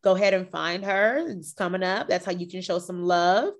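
This woman's voice sits on the low side and moves at normal speed as she hosts a podcast. Animated and gossipy, she chats casually with lots of energy, putting on mock voices.

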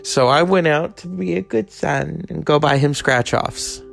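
A man's voice: fairly high pitch, measured pace, gravelly, a bit bright, soft background music. A man hosting a podcast, chatting in a loose, joking monologue that wanders from tangent to tangent. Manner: rambling, joking, full of tangents. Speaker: podcast host. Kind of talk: casual comic monologue.

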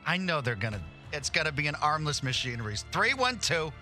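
A man co-hosting a morning radio show, teasing callers in quick back-and-forth banter. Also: a little high, very animated, pushed and bright, soft background music.

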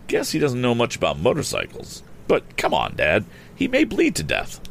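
A man voicing an eager, excited teenage boy who talks in a hurried, urgent way in a storybook reading. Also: medium pitch, vocal fry, slight background noise, pitched above the performer's own voice.

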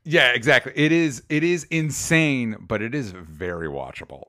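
Brief: male host, smooth clear voice, dry close sound, relaxed, lots of ums. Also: medium pitch, moderate pace, dry recording. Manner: relaxed, lots of fillers, reads chat comments. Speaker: podcast host. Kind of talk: casual podcast chat.

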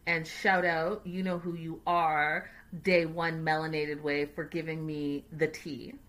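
A woman hosting a casual livestream recap, chatty, animated and sassy. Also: sits low, measured pace. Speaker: host.

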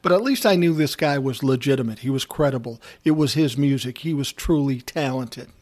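A man's voice: mid-range voice, fairly quick, a little mellow. A man who once managed a music artist, telling a personal story in a casual, blunt, conversational way. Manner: conversational, blunt, swears freely.

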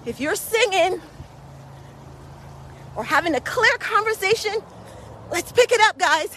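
A woman pacing listeners on a brisk outdoor walk in a park, slightly breathy from walking, with encouraging, repetitive coaching cues. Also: very high voice, animated, pushed and bright, a little hiss or hum, low-quality recording. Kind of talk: motivational workout vlog while walking.

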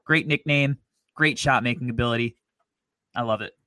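An upbeat man chatting easily on a sports podcast, with a bright, forward tone at a middle pitch. He sounds dry and close to the mic, no room around him. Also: no room sound. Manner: upbeat, easygoing, measured with fillers. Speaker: podcast co-host. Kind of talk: casual sports podcast chat.

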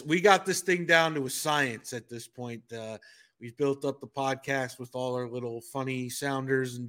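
A man's voice: medium pitch, a bit bright. A man co-hosting a podcast in casual chat, joking and self-deprecating. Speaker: podcast co-host.

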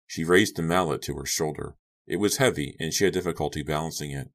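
A man reading a horror novel aloud as an audiobook narrator, in a measured, subdued way. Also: very deep voice, a bit bright.

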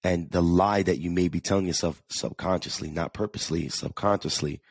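Deep-voiced man with a New York accent. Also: fairly even intonation, fairly quick, breathy edge, no echo, studio quality. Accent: New York–New Jersey. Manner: earnest and chatty, with frequent restarts and repeated words. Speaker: podcast host. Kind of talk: casual solo podcast talk.

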